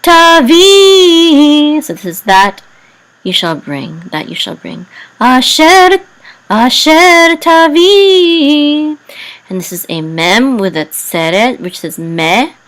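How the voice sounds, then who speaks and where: Woman, Hebrew lesson, very slow and deliberate, lowish voice, pauses and fillers. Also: a bit bright, low-quality recording. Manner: deliberate, spells out letters and vowels with many pauses and fillers. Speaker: Hebrew teacher.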